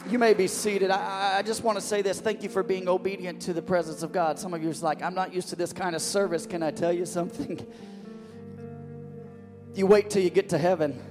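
A male pastor preaches with a fervent, repeating cadence, stumbling over restarts as he builds up. His voice sits a little high and rings out in a long church reverb. A faint instrument plays underneath. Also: level tone, fast, few pauses, music in the background. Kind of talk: sermon. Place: church sanctuary.

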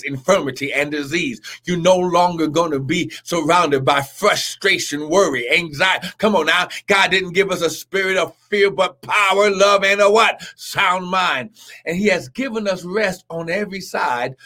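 A man preaching a Pentecostal sermon, exhorting in a rhythmic cadence with repeated cries of glory, often rising to a shout and breaking into tongues. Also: on the high side. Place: live stream.

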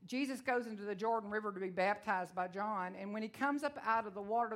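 A woman's voice: mid-range voice, fairly bright tone. A middle-aged woman preaching a sermon to women, telling stories and acting out her own dialogue. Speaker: women's ministry speaker.

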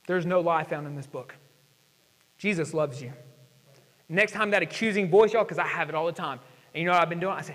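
A young male pastor with a high-pitched voice delivers a sermon, peppering it with casual slang and slowing down to read scripture with weight. His voice rings out in a hall with a long reverb. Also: expressive, a bit bright.

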